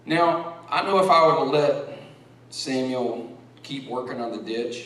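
Middle-aged pastor in an echoey church. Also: male voice, mid-range voice, measured pace. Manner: rambling storytelling, rising to forceful preaching. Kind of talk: sermon. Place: church sanctuary. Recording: echoey church hall from far off.

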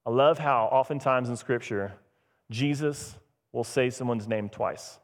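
A man's voice: mid-range voice, moderate pace. A man preaching a casual, conversational sermon as pastor, acting out the voices in the scripture he reads. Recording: long church reverb.

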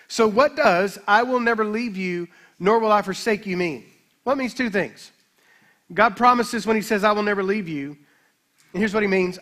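A man pastor preaching a sermon, emphatic, with slow dramatic scripture readings. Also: high voice, a bit bright.

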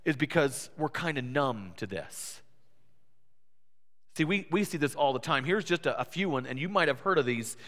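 Animated preacher with a high voice. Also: male voice, moderate pace. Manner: animated, acts out listeners' voices with big pitch swings. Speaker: pastor. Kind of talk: sermon. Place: church sanctuary. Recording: reverberant church hall.

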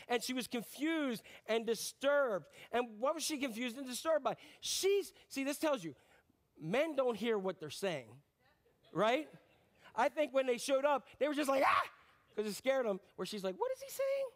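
A middle-aged man delivers a sermon with a strikingly high voice. He tells the story in a lively, joking way and acts out the people in it. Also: normal speed. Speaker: pastor.

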